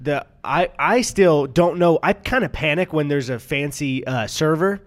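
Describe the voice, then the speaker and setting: A man's voice: fairly high pitch, lively intonation, unhurried. A man in his twenties, co-hosting a podcast, chatting casually and telling stories with frequent laughter and swearing. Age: 20s. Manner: storytelling, laughs often, swearing. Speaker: podcast co-host. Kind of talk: casual chat.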